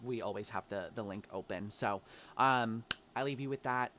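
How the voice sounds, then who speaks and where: A man's voice: lowish voice, moderate pace, noisy background. A man giving a casual, upbeat tarot reading, encouraging the listener and calling them babe. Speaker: tarot reader.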